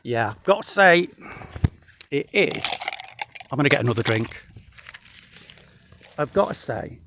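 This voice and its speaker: A man's voice: medium pitch, animated, slow, sharp tone, slight background noise. A man rambling through a dry, jokey monologue to the camera outdoors in a wheat field, swearing freely. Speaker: vlogger.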